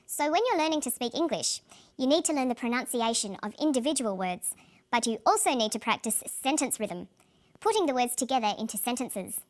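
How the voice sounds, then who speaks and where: Clear-spoken woman teaching an English lesson. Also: on the high side, lively intonation, a little fast. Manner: clear, carefully paced teaching delivery. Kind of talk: scripted lesson narration.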